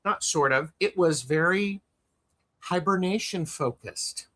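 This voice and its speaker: Slow, bright-voiced playful man. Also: high voice. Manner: chatty and playful, trailing off and restarting. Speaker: co-host of a tarot livestream. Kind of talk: casual live chat. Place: home, video call.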